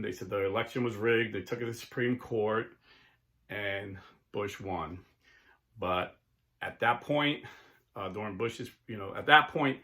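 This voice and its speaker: A man's voice: on the low side, fairly bright tone. A middle-aged man hosting his own channel, talking casually through a political monologue with many restarts and fillers. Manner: rambling storytelling with frequent restarts and fillers. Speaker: channel host.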